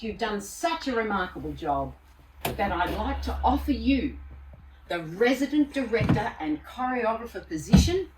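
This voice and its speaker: A woman storyteller voicing a smooth-talking, predatory male casino producer in a calm, measured way. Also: medium pitch, reverberant, close to an everyday voice. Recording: distant mic, faint room noise.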